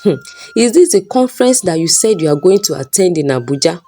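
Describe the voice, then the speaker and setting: A woman's voice: lowish voice, sing-song, brisk, dark tone, soft background music. A woman voicing a betrayed wife who scolds her husband with scorn. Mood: angry. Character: angry betrayed wife, sharp-tongued.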